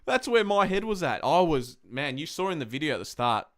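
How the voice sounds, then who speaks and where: A young man hosting a live-stream football review, talking in an excitable, emotional way and swearing often. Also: on the high side, fairly quick. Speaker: podcast host.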